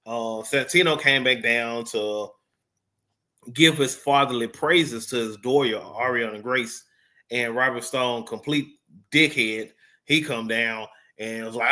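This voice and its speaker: A man's voice: medium pitch, measured pace, sharp tone. A man giving a casual, rambling wrestling review off the cuff, full of fillers and swearing. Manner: rambling, profane, filler-heavy.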